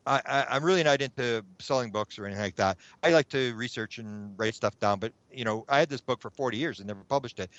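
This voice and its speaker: Middle-aged male guest, chatty storyteller, mid pitch, dry lo-fi sound. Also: no room sound. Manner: animated, acts out his own past thoughts. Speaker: guest, UFO researcher. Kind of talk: rambling anecdotal storytelling. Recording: dull lo-fi sound.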